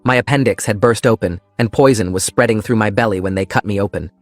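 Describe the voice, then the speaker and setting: Man, lowish voice, calm story narration, dry close sound, faint music behind. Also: quick pace, dry recording.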